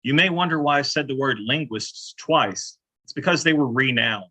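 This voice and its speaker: Bright-voiced man with wry puns. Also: medium pitch, normal speed, low-quality recording. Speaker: improv player. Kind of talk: casual joke telling.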